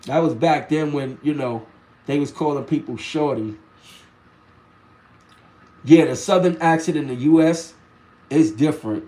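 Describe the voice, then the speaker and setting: This is a man in his forties with a New York accent, hosting a casual live stream and answering his viewers' comments. His voice sits high for a man. He talks loosely, circling back and restarting his sentences. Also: unhurried, pauses often, warm tone. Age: 40s. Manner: rambling storytelling with restarts and slang. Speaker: live stream host reading chat.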